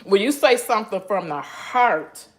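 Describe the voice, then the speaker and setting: A woman hosting a live cooking stream from her home kitchen. She talks to her viewers in an emotional way and breaks into breathy exclamations. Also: medium pitch, animated, unhurried. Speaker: cooking channel host.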